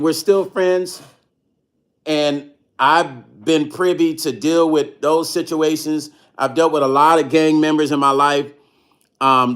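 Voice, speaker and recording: Middle-aged guy from chicago telling a story on his stream, animated, laughs a lot, does everybody's lines. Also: a little high. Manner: animated storyteller, acts out quoted voices, laughs often. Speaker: vlogger and musician. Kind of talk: casual storytelling livestream.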